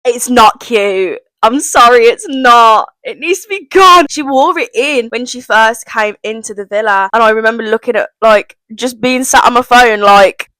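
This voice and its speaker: A woman's voice: fairly high pitch, normal speed, hardly any pauses, no echo. Blunt, gossipy young British woman. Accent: British English. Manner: blunt, swears freely, animated and gossipy. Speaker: reality show recap vlogger. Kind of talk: casual opinionated recap.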